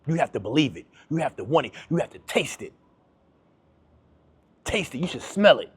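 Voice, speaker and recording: Husky-voiced man giving a pep talk. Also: fairly high pitch, very animated, moderate pace, no room sound. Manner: emphatic, repetitive, slangy and direct. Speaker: motivational YouTuber. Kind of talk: motivational talk to camera.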